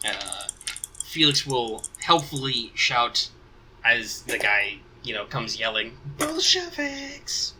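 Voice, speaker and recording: A man's voice: fairly low pitch, slow, bright, forceful tone, slight background noise, low-quality recording. A man acting as game master, narrating a tabletop game in a casual, rambling way as he thinks aloud.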